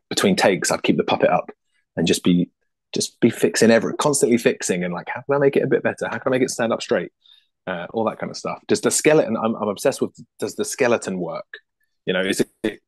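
British man, puppeteer guest, animated, laughing often, low-pitched, dry close sound. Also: slightly rough, no echo. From United Kingdom. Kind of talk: casual interview chat.

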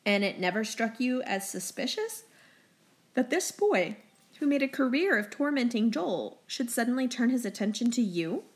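A woman's voice: on the high side, sing-song, pitched above the performer's own voice. Woman doing a dad in a story, trying to sound reasonable but stern and challenging. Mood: suspicious. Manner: measured but challenging, turning bitter. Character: stern middle-aged father, trying to stay reasonable.

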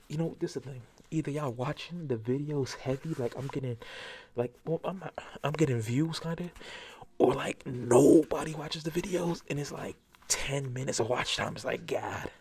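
A male ASMR creator with a mid-range voice talks at normal speed from his home, sitting in front of a camera. His chaotic, joking ramble swings between whispers and spoken words, picked up by a nearby ASMR microphone.

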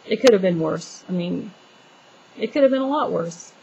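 A woman's voice: on the low side, expressive, normal speed, creaky, muffled recording, noisy background. A woman venting in a casual vlog, talking in an exasperated, rambling way with many restarts and fillers. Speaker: homeowner venting to viewers.

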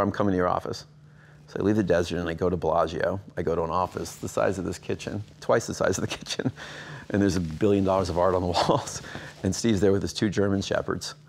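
A man's voice: fast, vocal fry, slight background noise. A man in his sixties, an interview guest, telling business stories and acting out the dialogue with big jumps in his voice. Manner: animated anecdotes, acting out quoted dialogue with big jumps in pitch. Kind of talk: storytelling in a sit-down interview.

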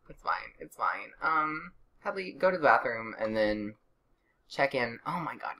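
A woman's voice: rumbling low, big pitch swings, unhurried, pushed and bright. A young woman casually narrating her life-sim gameplay, chatty and sarcastic, with exasperated outbursts. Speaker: let's play gamer.

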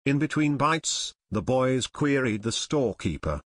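Male audiobook narrator, expressive, dry close-miked sound. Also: mid-range voice, a little slow, no echo. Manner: clear and expressive storytelling. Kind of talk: scripted narration.

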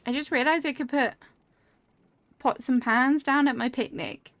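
A woman's voice: high-pitched, unhurried, fairly bright tone, dry recording. A young woman streaming a cozy game, chatting casually and reacting aloud to what happens on screen while answering her chat.

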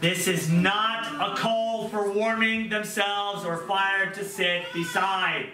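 A middle-aged man preaching a sermon with impassioned pleading that drops to hushed, tearful moments. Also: high voice, fairly even intonation, slow pace. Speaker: pastor. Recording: echoey room, mic at a distance, audible background noise.

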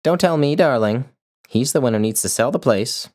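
A man voicing an imperious, theatrical older woman who barks orders in a shrill, commanding voice. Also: animated, normal speed, a little mellow, natural voice. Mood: haughty. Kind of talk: audiobook character voice.

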